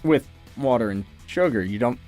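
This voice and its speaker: A man's voice: mid-range voice, moderate pace, faint music behind. A man co-hosting a casual chat, reading out fan questions and answering them loosely. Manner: relaxed, reads out fan questions. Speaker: co-host.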